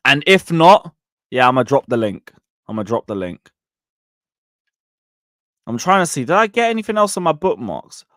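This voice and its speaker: Male streamer, excitable and mocking, lively up-and-down voice, dry close sound. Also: medium pitch, normal speed, pauses often, dry recording. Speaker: streamer hosting a live football chat. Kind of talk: live-stream football chat reading super chats.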